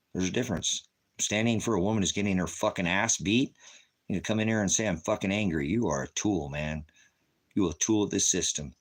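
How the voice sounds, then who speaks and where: A middle-aged man with a very deep, low voice hosts a ministry livestream and answers his chat. He swears freely and taunts his critics in a combative way. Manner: profane, combative, taunting, with bursts of laughter. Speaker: ministry host.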